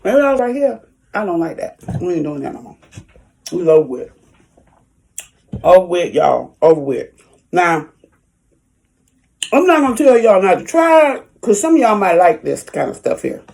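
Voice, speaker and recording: A woman's voice: medium pitch, big pitch swings, normal speed, a little mellow. A woman talking casually to her viewers in an eating vlog, chatty and folksy, chewing while she talks. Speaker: food vlogger.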